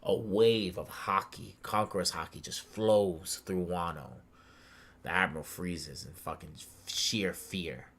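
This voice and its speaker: A man's voice: deep voice, slow pace, a bit bright. A young adult man hosting a podcast, retelling a story in casual chat with heavy slang and swearing. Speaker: podcast host.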